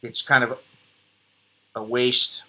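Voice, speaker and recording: A man's voice: medium pitch, little pitch movement, slow, pushed and bright. A middle-aged American man hosting a casual live stream from his computer, rambling and joking at himself. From United States. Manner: rambling, self-deprecating, joking. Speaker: host.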